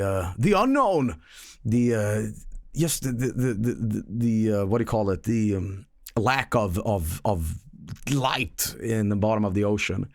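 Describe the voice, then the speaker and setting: A man's voice: lowish voice, no room sound, studio quality. A man streaming live, chatting casually about a movie he saw, with rambling, profane, joking storytelling.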